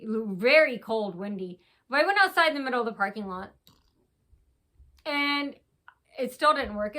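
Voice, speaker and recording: Bright, rambling woman vlogger. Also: on the high side. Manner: talks fast, with many restarts and acted quotes. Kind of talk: rambling casual storytelling.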